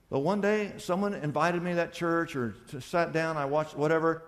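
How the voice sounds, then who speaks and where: A man preaching a sermon as pastor, acting out little conversations and swinging between loud and soft. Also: fairly high pitch, normal speed, long reverb tail. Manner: animated preaching, acts out little dialogues with shifts of loudness.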